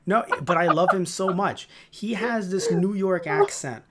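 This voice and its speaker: A man's voice: sits high, measured pace, a loud crowd. A man co-hosting a podcast in casual chat, rambling through tangents with plenty of fillers. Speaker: podcast co-host.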